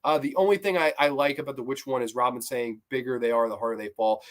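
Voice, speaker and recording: A man's voice: medium pitch, steady tone, quick pace. A man hosting a casual show where he ranks cartoon episodes, talking in a rambling, enthusiastic way and quoting scenes. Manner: rambling, enthusiastic, quotes scenes in loose voices. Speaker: host of a cartoon review show. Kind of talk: casual episode ranking commentary.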